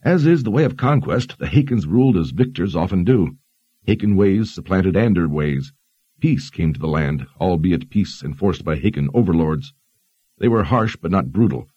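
A man voicing a learned young woman who explains history in a measured, explanatory way. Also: low voice, lively intonation, mellow, breathy edge, no echo, dull audio. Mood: explaining.

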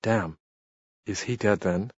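A devoted English gentleman, voiced by a male narrator speaks in soft, measured tones. The voice is deep and husky. The recording is dry and a bit dull. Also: dry recording. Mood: tender.

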